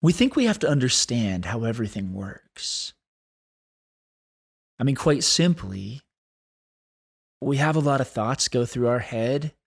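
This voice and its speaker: A man's voice: medium pitch, big pitch swings, vocal fry, husky. Earnest man hosting a reflective podcast. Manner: earnest, thoughtful, slows down on key words. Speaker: podcast host. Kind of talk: reflective solo podcast talk.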